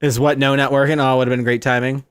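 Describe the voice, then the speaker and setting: A man's voice: mid-range voice, very fast, clear, resonant tone, no echo, clean studio sound. A young man streaming live, chatting casually and joking, laughing often. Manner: lively, jokey, laughs often. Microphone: good microphone.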